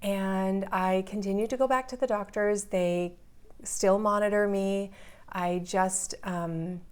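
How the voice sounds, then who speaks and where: A woman in her forties speaks as an interview guest, recounting her own story in vivid, earnest detail. Her pitch sits at an ordinary middle height for a woman. She lets the intensity climb as the story unfolds. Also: steady tone, takes it slowly, darkish tone, clean tone.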